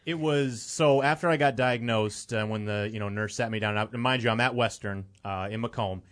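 A man's voice: lowish voice, fairly quick, a bit bright. A young man from the Chicago area, a guest on a talk show, telling a personal story in an earnest, rambling way with many fillers.

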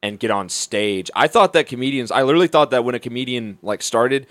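A man's voice: mid-range voice, lively intonation, fairly quick, no room sound. A young man, a stand-up comedian, telling stories in a casual chat, rambling with restarts, swearing and laughing. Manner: profane, rambling storytelling with frequent restarts and laughs. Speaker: stand-up comedian, podcast guest. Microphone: studio microphone.

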